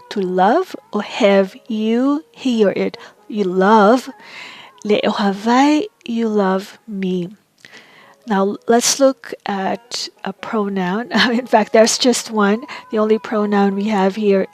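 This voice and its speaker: A woman teaching a language lesson, going through words one by one, repeating them patiently and checking in with "right?". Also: medium pitch. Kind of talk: slow vocabulary lesson.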